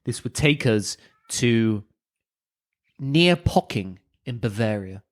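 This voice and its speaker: A man's voice: mid-range voice, expressive, slow. Young man, comedy podcast co-host, rambling, sweary. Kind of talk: improvised comedy podcast chat.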